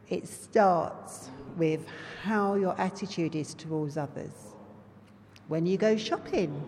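A woman's voice: lowish voice, a little hiss or hum. London lady preaching, chatty and earnest, lots of hall echo. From England. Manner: earnest and conversational, warm asides to the congregation. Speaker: lay preacher. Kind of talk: personal testimony sermon.

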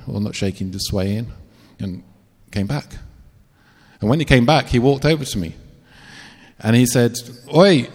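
A man's voice: on the low side, a little mellow, in a large hall. Preacher telling his testimony. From England. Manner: storytelling, earnest, with self-deprecating asides. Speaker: missionary preacher. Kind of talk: personal testimony sermon.

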